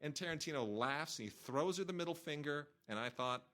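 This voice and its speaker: A man's voice: on the high side, fairly quick. A man hosting a film podcast, telling an anecdote in casual chat and acting out the quotes of the people in it, with many restarts. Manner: animated, acts out quotes with restarts. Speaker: podcast host, film critic.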